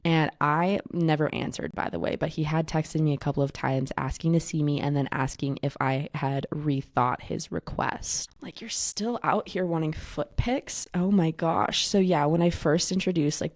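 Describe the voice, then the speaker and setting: A woman's voice: low voice, vocal fry, a little mellow, no echo, clean studio sound. A young woman in her twenties hosting a casual podcast, chatting and gossiping as she quotes herself. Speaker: podcast host. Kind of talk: casual chat.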